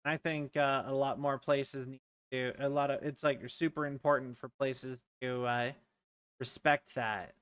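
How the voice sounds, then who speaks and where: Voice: medium pitch, fairly even intonation, measured pace, a bit bright, clean tone, dry recording, studio quality. A streamer chatting casually and rambling while playing a game at a home setup. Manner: rambling, joking aside-talk. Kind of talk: casual gameplay chat.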